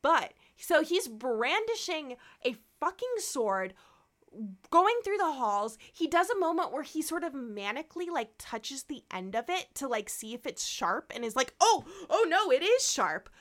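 A woman's voice: sits high, unhurried. A woman co-hosting a podcast in casual chat, recapping an episode and swearing freely. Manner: animated, swears freely, acts out characters' lines. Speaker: podcast co-host.

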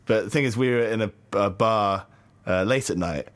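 A young British man co-hosting a casual podcast, rambling through stories with many pauses and fillers. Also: lowish voice, a bit bright, no room sound. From Britain. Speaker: podcast co-host. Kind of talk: casual chat.

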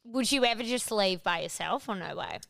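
Clear, bright young woman chatting. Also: medium pitch, animated, a little fast, no echo, studio quality. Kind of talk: casual chat.

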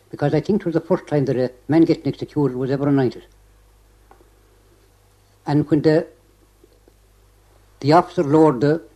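Older man, Irish accent, dark mellow voice, rambling recollection, keeps repeating "he said". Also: on the high side, poor audio. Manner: rambling, repeats "he said" constantly, restarts phrases. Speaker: interviewee. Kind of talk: oral history recollection.

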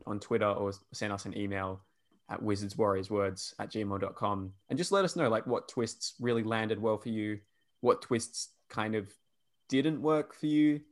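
A man with a Perth Australian accent hosting a casual podcast chat, easygoing and quick to laugh. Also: fairly low pitch. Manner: easygoing, laughs often, wraps up with summaries. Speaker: podcast host.

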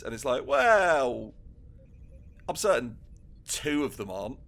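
A man trades wry remarks on a podcast, laughing easily along the way. His pitch swings widely and lively. The tone stays relaxed and conversational. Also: unhurried, gravelly, long pauses. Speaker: podcast co-host. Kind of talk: casual chat.

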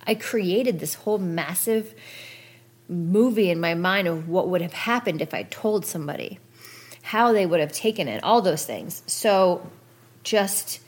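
A woman's voice: fairly low pitch, husky. A woman hosting a podcast, speaking frankly in a casual monologue that addresses her listeners directly. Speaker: podcast host. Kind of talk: candid personal podcast monologue.

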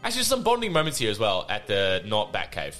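Aussie bloke on a movie podcast, voice jumping all over, bright and punchy, background music. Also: male voice, on the low side, fast. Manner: excitable, swears, laughs often. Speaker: podcast co-host. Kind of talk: casual film-review chat.

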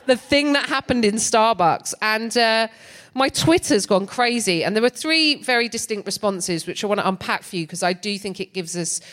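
A woman in middle age doing stand-up on a big theatre stage. Her delivery is sardonic and lively, and she laughs between lines as she tells her story into a stage microphone. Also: mid-range voice, normal speed. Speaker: comedian.

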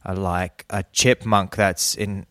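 A man's voice: sits low, flat delivery, slow, a bit bright, no room sound, studio quality. A man who has just woken up, chatting casually as a podcast co-host and joking around. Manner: jokey, slips into silly put-on voices. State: just woken up, deeper morning voice. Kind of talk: casual chat. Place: Berlin.

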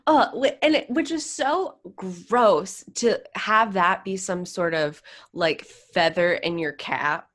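A woman's voice: medium pitch, takes it slowly, hardly any pauses. A woman co-hosting a podcast, chatting casually and animatedly about celebrity gossip, with many "like"s. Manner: animated, gasps and laughs, frequent "like". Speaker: podcast co-host.

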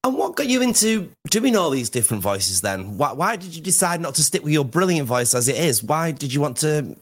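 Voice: medium pitch, sing-song, brisk. An interview host chatting cheerfully and enthusiastically with a guest.

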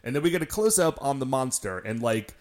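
A man's voice: medium pitch, lively intonation, fairly quick, a little mellow. A man co-hosting a podcast, recapping an episode in casual chat with wry, joking asides. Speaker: podcast co-host.

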